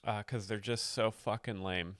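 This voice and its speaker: Deadpan man explaining jokes, dry sound. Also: on the low side, normal speed, clear, resonant tone, dry recording. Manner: mock-earnest, reading chat, many fillers. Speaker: host explaining jokes on a livestream. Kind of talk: deadpan satirical commentary.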